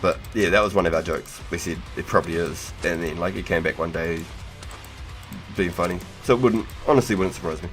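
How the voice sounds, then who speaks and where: A man's voice: deep voice, fairly quick, a bit bright, faint music behind. A young man with a New Zealand accent, chatting casually and slangily to viewers on a game live stream, swearing freely.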